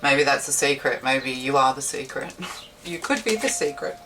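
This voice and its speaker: Woman, low voice, chatty tarot reader, rambling, slightly distant mic, faint hiss. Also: lively intonation, normal speed. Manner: rambling, chatty, self-correcting. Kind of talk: casual tarot reading.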